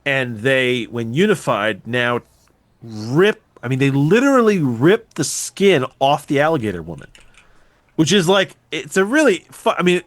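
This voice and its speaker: A man's voice: medium pitch, unhurried, no room sound. A man on a podcast tells a film's plot with swearing and lots of enthusiasm. His voice swings widely up and down as he gets into the story. The sound is close and dry, with no room around it. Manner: animated, profane storytelling. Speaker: podcast host. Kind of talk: casual film recap.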